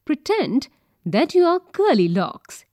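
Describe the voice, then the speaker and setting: A woman reading page numbers, vocabulary and questions from a school textbook in a clear, careful classroom manner. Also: high voice, big pitch swings, slow, darkish tone, no room sound. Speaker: textbook reader. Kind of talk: reading lesson prompts and questions.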